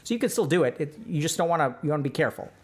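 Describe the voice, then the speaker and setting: A man talking through meditation in a livestream lecture, animated and conversational. He explains each point directly to his audience. His voice sits fairly high. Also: racing. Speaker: streamer giving a talk.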